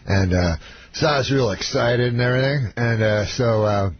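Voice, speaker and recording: Man from Canada, deadpan comedian, halting delivery full of uhs, average pitch, muffled radio sound, steady hiss behind. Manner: halting, deadpan, heavy on fillers and restarts. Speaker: comedian guest. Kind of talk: rambling storytelling on a radio show.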